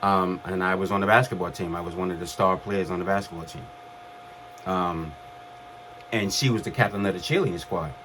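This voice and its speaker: A man's voice: deep voice, a little fast, slight background noise. A man in his fifties from Brooklyn, New York, casually telling the story of his heart transplants, conversational with restarts. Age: 50s. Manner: relaxed, conversational, with restarts and acted quotes.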